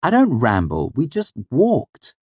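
Brief: man doing an earnest young student hero in an audiobook, higher and lively. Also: slow pace, husky, no room sound, full character voice. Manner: apologetic, earnest.

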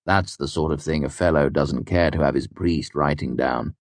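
A man's voice: very deep voice, normal speed, dry recording, voice pushed down. A man reading the part of a patient, worldly innkeeper, wry and knowing in tone.

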